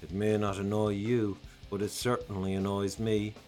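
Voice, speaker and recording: A man's voice: lowish voice, flat delivery, normal speed, darkish tone, soft background music, lightly acted. A man voicing a prim, indignant middle-aged doctor with an English accent in a storybook reading.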